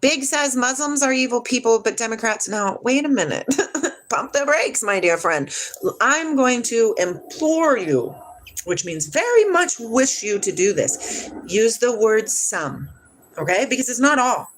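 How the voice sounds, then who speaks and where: A woman hosting a livestream, reading viewer comments aloud and answering them in a blunt, animated way, swearing freely. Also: fairly high pitch, a little slow, slight background noise. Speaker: livestream host. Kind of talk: casual chat reading live comments.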